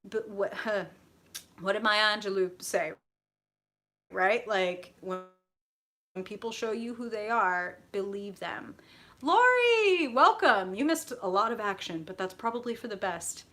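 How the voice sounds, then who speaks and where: A woman's voice: medium pitch, lively intonation, a little slow, fairly bright tone. A woman hosting a live tarot reading, chatting casually with viewers, laughing often and swearing now and then. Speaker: tarot reader hosting a livestream.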